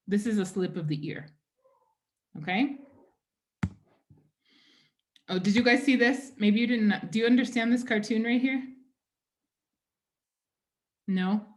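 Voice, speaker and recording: A woman's voice: mid-range voice, normal speed, pauses often. Woman teacher who keeps asking "right?". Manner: keeps checking in with "right?" and "okay?"; patient, explaining step by step. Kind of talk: online class lecture.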